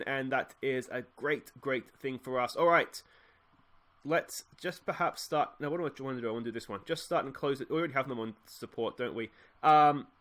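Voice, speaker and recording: A man casually commentating his football management game, cheering goals loudly and thinking aloud about tactics. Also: mid-range voice. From Australia. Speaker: gaming YouTuber playing a football management game.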